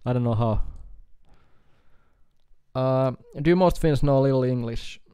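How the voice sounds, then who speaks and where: A man from Finland with a Finnish accent, chatting casually on a live stream with halting speech, fillers and chuckles. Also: medium pitch, warm tone, clear, resonant tone, dry recording, clean studio sound. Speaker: guitar YouTuber streaming.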